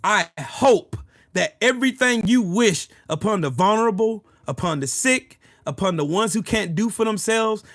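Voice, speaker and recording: A man's slightly bright, high-sitting voice carries an expressive, normal-paced livestream rant about politics. As host, he answers chat comments while swearing, repeating himself, and getting heated. There's no room sound.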